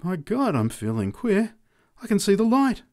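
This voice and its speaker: A man voicing an excitable drunk in a street crowd who shouts and laughs, then turns fearful, pitched well above his own voice. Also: normal speed, exaggerated voice. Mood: awed.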